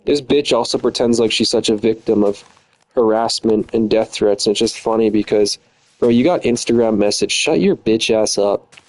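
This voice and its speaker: A man's voice: fairly low pitch, moderate pace, darkish tone, rough recording. A man in his twenties ranting angrily and profanely in a casual, bitter way. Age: 20s. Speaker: streamer. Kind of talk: angry casual rant.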